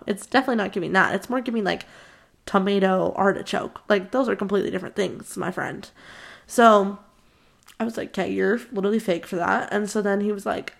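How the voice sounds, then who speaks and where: Chatty young woman with a gravelly voice. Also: mid-range voice, moderate pace. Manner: chatty, laughs often, acts out quoted voices. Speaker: vlogger. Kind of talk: casual storytelling.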